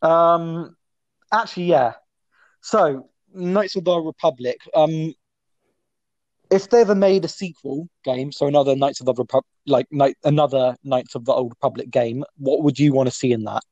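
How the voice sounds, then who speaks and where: A man's voice: fairly high pitch, a little mellow, dry recording. A young man co-hosting a casual podcast over a phone call, teasing and jokey. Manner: teasing, jokey, quick to laugh. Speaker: co-host.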